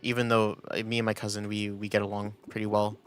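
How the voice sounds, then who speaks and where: A man's voice: fairly low pitch, completely flat delivery, quick pace, a little hiss or hum. A young man streaming and chatting casually, rambling with lots of restarts and quoted asides. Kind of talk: casual chat.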